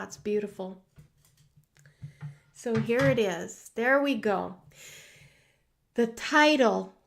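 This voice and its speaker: Slow, high-voiced emotional woman host. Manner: emotional, rambling, many restarts. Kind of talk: casual livestream talk. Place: home studio.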